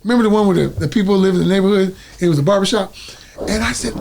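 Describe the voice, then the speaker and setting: A middle-aged singer from the United States, a guest telling stories in a casual interview and acting out the dialogue. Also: male voice, sits high, racing, a little hiss or hum. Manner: animated, acts out quoted dialogue.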